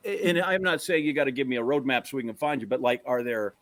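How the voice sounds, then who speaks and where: A man co-hosts a podcast in casual chat, with a bright, sharp-edged voice. He jokes and teases in a rambling way. The recording is dry and close, with no room sound. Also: medium pitch, expressive, fast talker, no room sound. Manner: joking, rambling, teasing. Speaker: podcast co-host. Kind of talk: casual conversation.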